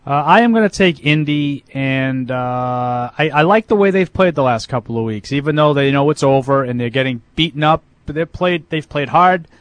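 A man's voice: fairly high pitch, expressive, normal speed, hardly any pauses, no room sound. A man on a football picks panel, reading out standings and point spreads in a casual sports chat.

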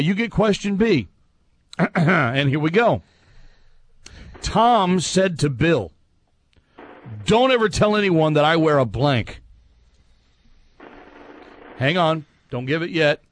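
A man's voice: fairly high pitch, expressive. A man hosting a fill-in-the-blank quiz on a talk show, teasing and laughing with the panel. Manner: playful, teasing, quick to laugh. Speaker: quiz host. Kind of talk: casual radio banter.

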